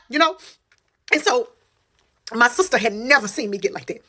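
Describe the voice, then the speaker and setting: Fast-talking, blunt woman telling a story. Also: high-pitched, lively intonation, bright, forceful tone. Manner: blunt, profane, emphatic, repeats phrases; talks straight to viewers. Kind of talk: casual storytime.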